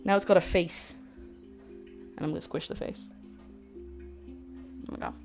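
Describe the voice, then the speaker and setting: Faint music plays behind a woman hosting a cooking livestream, chatting playfully with viewers while she works. Her voice sits on the low side, creaky and a bit dark, with a steady tone and moderate pace.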